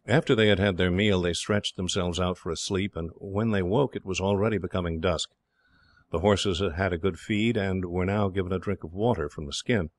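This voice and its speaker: A man reading an audiobook in steady, measured scripted narration. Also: deep voice, no room sound.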